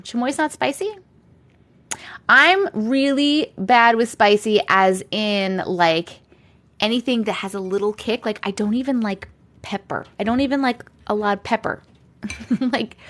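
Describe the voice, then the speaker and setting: A young woman hosting a livestream, chatting casually and greeting viewers by name with frequent giggles. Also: a little high. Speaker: host reading viewer comments on a livestream.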